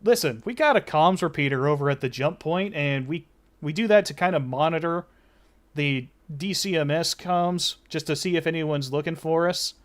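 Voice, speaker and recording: A man narrating as game master of a tabletop game, relaxed, with many fillers and restarts. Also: fairly high pitch, moderate pace.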